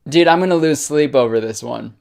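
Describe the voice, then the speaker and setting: A man's voice: mid-range voice, fairly quick, creaky, darkish tone. A young man giving casual, sarcastic comedy commentary as a YouTuber, swearing, laughing often and saying "dude" a lot. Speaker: comedy YouTuber reading fan fiction aloud.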